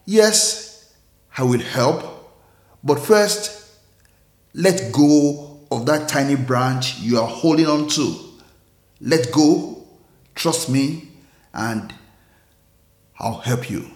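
A man voicing God as a calm, patient male presence giving slow reassuring commands. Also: fairly high pitch, echoey room.

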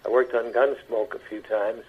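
An older male actor tells his stories as a radio guest, his voice husky and his delivery halting, with words often repeated. The broadcast sound is dull and lo-fi. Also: medium pitch, steady tone. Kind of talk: anecdotal interview talk.

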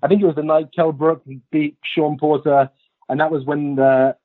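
A man's voice: a little high, little pitch movement, moderate pace, no room sound. A man from England with a West London received pronunciation accent, chatting playfully as a podcast guest and poking fun at himself. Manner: playful, self-mocking rambling. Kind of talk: casual podcast chat. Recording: tinny phone-like line.

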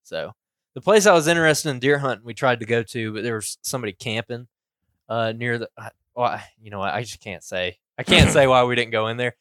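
Male co-host, relaxed mid voice, dry sound. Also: mid-range voice, a little fast, smooth, dry recording. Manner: laid-back, easygoing recounting. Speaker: podcast co-host. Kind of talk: casual hunting chat.

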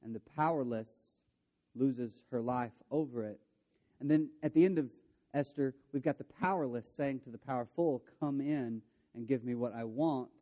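A man's voice: mid-range voice, normal speed, dark tone. A man preaching a sermon, retelling a story with playful voices for the characters and jokey asides. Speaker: pastor.

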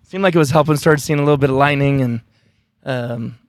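A man hosting a casual podcast while camping in the mountains, talking in a rambling, relaxed way with lots of fillers. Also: mid-range voice, fairly quick, dry recording. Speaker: podcast host.

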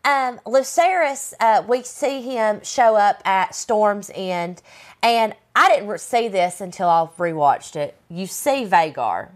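A woman's voice: mid-range voice, slow. Chatty woman podcast co-host. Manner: chatty, filler-heavy, retelling scenes. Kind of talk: casual recap chat.

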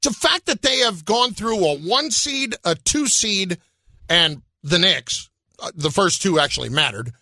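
Animated bright-voiced sports talk man. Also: sits high, measured pace, dry recording, studio quality. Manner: animated, building arguments. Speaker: sports radio co-host.

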